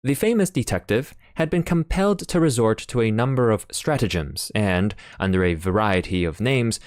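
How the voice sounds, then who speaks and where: A man's voice: fairly low pitch, animated, moderate pace, no echo, studio quality. A man narrating an audiobook in a plain reading manner. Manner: plain reading with occasional fillers and restarts.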